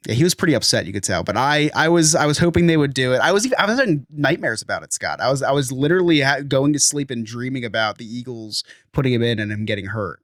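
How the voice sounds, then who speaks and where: A man's voice: mid-range voice, lively intonation, fast talker, few pauses, fairly bright tone, dry recording. Podcast co-host: man, 30s, rambling and laughing, dry close sound. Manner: rambling storyteller, laughs often. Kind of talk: casual chat.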